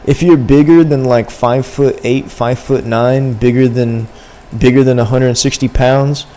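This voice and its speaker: A man's voice: medium pitch, fairly even intonation, moderate pace, mellow. A young man livestreaming, chatting casually and rambling in slang to his viewers. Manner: rambling, slangy, talks to chat. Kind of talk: casual stream chat.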